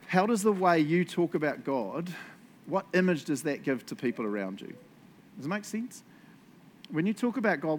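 A man preaching a casual sermon, chatty, with frequent laughs and tag questions. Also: on the high side. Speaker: pastor.

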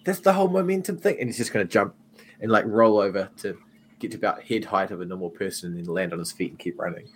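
A player in a tabletop game, talking in a playful, animated way. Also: sits low, fast, slightly rough. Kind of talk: casual tabletop play.

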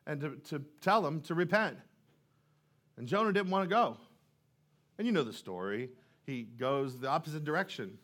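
A man's voice: medium pitch, fairly bright tone. A male pastor preaching a sermon in a church, in a conversational way, often putting questions to the congregation.

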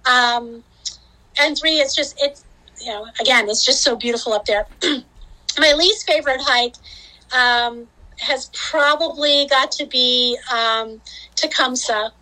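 A woman's voice: sits high, unhurried, bright, forceful tone, poor audio. A woman telling a story on a podcast, chatty, with many fillers, acting out what she said at the time. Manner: chatty, many fillers, acts out her own quotes. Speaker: podcast guest. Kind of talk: casual storytelling.

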